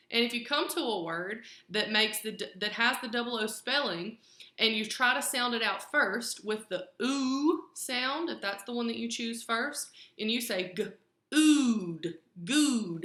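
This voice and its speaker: A young woman teaching a phonics lesson to small children, slowly sounding out each word. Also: medium pitch, sharp tone. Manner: slow, clear sounding-out of words. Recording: very echoey room.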